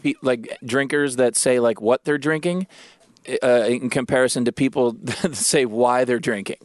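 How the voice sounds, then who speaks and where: A man's voice: mid-range voice, normal speed, no echo, clean studio sound. A man, a comedian, chatting casually in a rambling, self-interrupting way. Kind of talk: casual chat.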